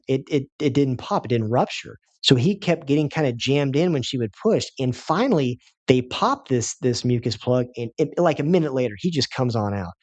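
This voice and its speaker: Male chiropractor, mid-pitched voice, close and dry, animated storyteller. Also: dry recording. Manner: animated storyteller who acts out quoted voices. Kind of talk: personal storytelling talk.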